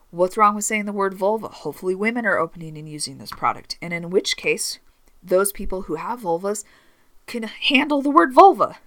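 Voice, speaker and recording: Woman in her 30s doing a comedy podcast rant, low-ish voice, dry close mic, mutters then yelps. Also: no room sound. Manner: sarcastic, animated, swings between muttering and exclaiming. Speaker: podcast host. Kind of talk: comic storytelling monologue.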